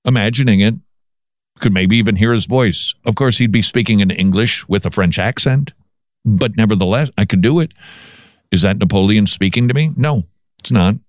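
A man hosting a commentary show who talks in a lively way and often restarts his words. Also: on the low side, moderate pace, dry recording, studio quality. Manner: animated, repeats words when restarting. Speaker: podcast host. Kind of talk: casual commentary on news.

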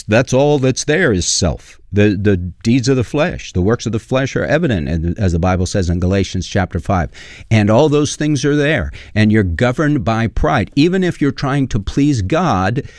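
A man's voice: lowish voice, darkish tone, no room sound, studio quality. A man preaching a sermon in an earnest, conversational way, with frequent fillers as he reads and explains scripture.

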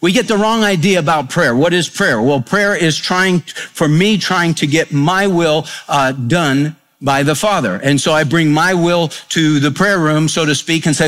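A man delivering a radio sermon, his voice sitting a touch higher than most men's. He preaches plainly and conversationally, with everyday fillers and a folksy, storytelling warmth of phrasing. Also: a little slow, few pauses. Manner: folksy storytelling with homespun humor. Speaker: pastor.

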